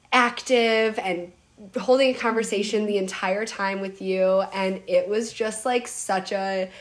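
A young woman on camp staff, chatting casually with many fillers and pauses. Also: mid-range voice. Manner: heartfelt, halting, many fillers. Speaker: camp summer staff member. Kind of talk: casual chat.

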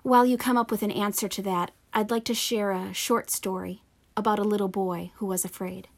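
A woman's voice: medium pitch, steady tone. Woman pastor preaching a sermon. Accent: Pennsylvania. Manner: measured, earnest preaching.

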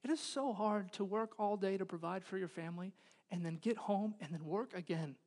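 A man in his thirties, a pastor preaching a sermon in a church, moving from loud pleading to hushed intensity. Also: high-pitched, a little fast. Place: church hall.

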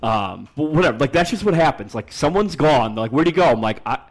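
A young man co-hosting a podcast, telling stories in a casual, animated way, acting out the people he quotes and swearing freely. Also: medium pitch, fairly quick. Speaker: podcast co-host. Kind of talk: casual storytelling chat.

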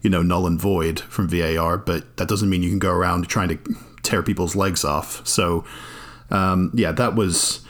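A man in casual podcast chat, explaining his points in a measured way. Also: sits low, steady tone, a bit bright. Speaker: podcast co-host.

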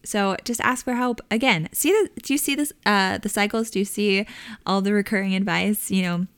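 A woman's voice: medium pitch, normal speed, clean tone, dry recording. A woman in her thirties hosting a podcast, chatting casually with fillers and light laughs. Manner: warm conversational with frequent fillers and laughs. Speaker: podcast host. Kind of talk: casual advice talk.

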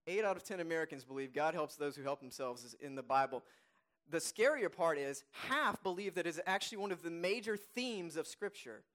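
Emphatic preacher man with a higher voice. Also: expressive. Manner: emphatic, repeats key phrases; reads scripture slowly and softly. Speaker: pastor. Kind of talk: sermon.

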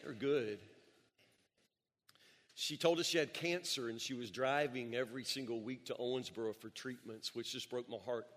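A man preaches a sermon in a mid-range voice and tells stories in the pulpit's steady way. He repeats words as he goes and lifts his voice for emphasis. A long reverb trails each phrase around the large church hall. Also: medium pitch, normal speed. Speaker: pastor. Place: church sanctuary.

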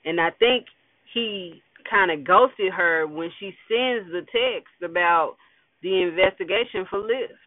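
A high-voiced man talks slowly through a show recap in a loose, slangy, wry way, full of fillers and side comments. The sound is dry and thin, like a phone line. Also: no echo. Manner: slangy, laid-back, wry, with fillers and asides. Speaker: TV episode recapper. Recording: dry tinny phone-like audio.

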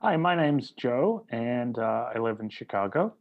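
A man from the English Midlands with a softened Midlands accent, chatting easygoingly as a podcast guest and hedging with "like". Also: mid-range voice, very animated, unhurried, narrow, tinny audio. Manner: easygoing, hedges with 'like'. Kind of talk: casual conversation.

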